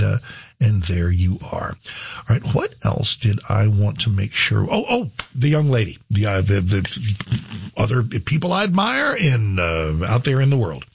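Middle-aged male talk host, rambling and casual; low, husky voice with a dry close sound. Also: no echo. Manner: rambling, with many restarts and asides. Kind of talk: casual talk-show monologue.

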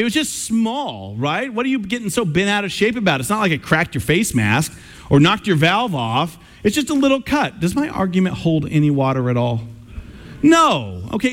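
A man preaching from the pulpit with a fairly high voice. He speaks earnestly and drives his points home with lively everyday illustrations. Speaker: pastor. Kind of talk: sermon.

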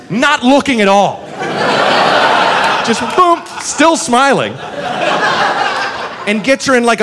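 A young man telling a profane stand-up story on a comedy club stage, acting out the people in it. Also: high voice. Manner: animated, profane, acts out characters in voices. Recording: live crowd in the room. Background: audience laughter.

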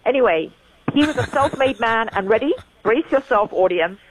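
Older english-born woman, high voice, rattles off stories, repeats her points hard, dry sound. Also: normal speed, husky, dry recording, low-quality recording. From England. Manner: animated storyteller, emphatic repeating. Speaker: guest. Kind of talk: phone-in interview chat.

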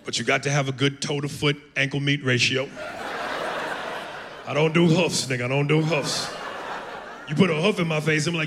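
A man's voice: fairly high pitch, moderate pace, pauses often, background noise. A man doing a brash, crude stand-up routine, recorded live in a comedy club. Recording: live club, crowd and reverb.

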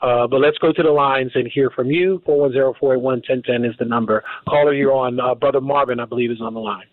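A male radio host talks through a call-in show in a mid-range voice, pausing and tripping over words as he goes. The sound is narrow and phone-like, and the room is dry and close. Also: mid-range voice, fairly even intonation, no room sound. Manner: halting, stumbles and restarts over words.

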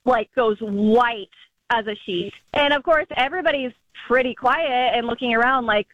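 Sex: woman. Role: caller. Style: lively storytelling, a bit high-pitched. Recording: dull, lo-fi, dry. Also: moderate pace, dry recording. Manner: lively, laughs often while recounting. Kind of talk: casual storytelling.

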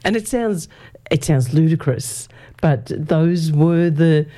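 A woman hosting an interview, asking measured, leading questions. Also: deep voice, lively intonation, dark tone.

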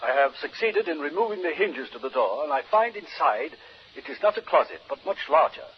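A formal, precise doctor investigating a haunted room, giving his report in stiff, measured phrases. His fairly high voice rises and falls a lot, and it comes through a dull, lo-fi old radio recording with faint hiss. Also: sing-song. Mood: earnest. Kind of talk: 1940s radio drama acting.

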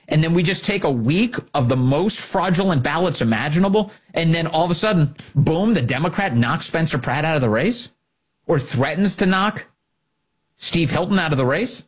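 A male host delivers a heated, sarcastic monologue for his opinion show. His husky voice sits a little high and leaps around with lively intonation. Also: moderate pace. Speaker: political commentary host.

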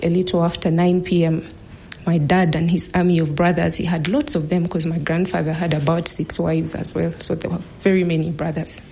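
A woman in her thirties telling a personal story in an earnest, measured way, now and then dropping to a hush. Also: lowish voice, creaky, slight background noise.

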